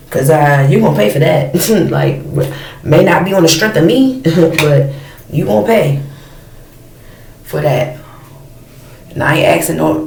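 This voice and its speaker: A woman in her thirties vents in a blunt, profane, fired-up rant, her voice rough with vocal fry. She sits back from the mic in a roomy, echoing space. A faint noise runs underneath. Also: low-pitched, a little mellow. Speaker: storyteller vlogger. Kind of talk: casual rant to camera. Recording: echoey room, mic at a distance, faint noise.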